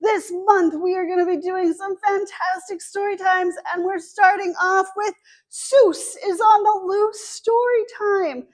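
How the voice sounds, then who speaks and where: A young woman librarian with a high, bright voice runs a children's story time. She talks slowly and clearly in an animated sing-song, drawing out words so small kids can follow along.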